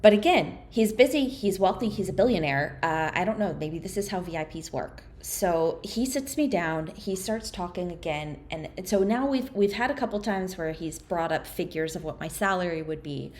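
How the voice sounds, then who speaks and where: A woman guest on a podcast interview giving a personal account in a halting, soft-spoken way, with frequent restarts and a slower pace at the hardest moments. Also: lowish voice, expressive.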